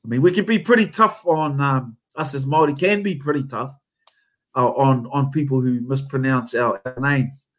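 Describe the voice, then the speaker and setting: A man with a New Zealand accent talks in a casual interview. He tells stories with animated emphasis, and his voice sits in the middle pitch range. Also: moderate pace. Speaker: haka teacher and company founder.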